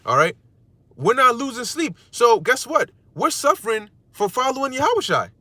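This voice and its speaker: A man preaching a casual street-style sermon, animated and slangy, sometimes mocking other people's words. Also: moderate pace, no room sound. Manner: animated, slangy, acts out insults in a squeaky mocking voice.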